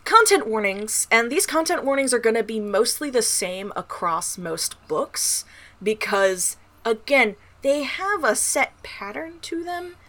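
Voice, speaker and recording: A woman's voice: fairly high pitch, big pitch swings, unhurried, pushed and bright. A woman co-hosting a podcast in casual chat, candid and laughing often, with the odd swear word. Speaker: podcast co-host.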